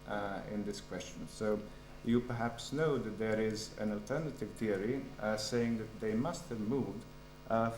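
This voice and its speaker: A PhD candidate defending his doctoral thesis gives a formal academic answer, hesitant and full of fillers. His voice is on the low side with a darkish tone, recorded in an echoey room with a little hiss or hum.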